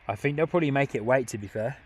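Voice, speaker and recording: A man's voice: medium pitch, very fast. A young man casually hosting a live stream outdoors at an airport, reading viewer comments aloud and laughing often. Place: outdoors at an airport viewing spot.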